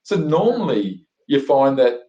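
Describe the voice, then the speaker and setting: A man's voice: medium pitch, sing-song, a little slow, mellow, muffled recording. An Australian man telling his story as an interview guest, enthusiastic and rambling, full of fillers and restarts. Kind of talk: animated storytelling in conversation. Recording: roomy echo.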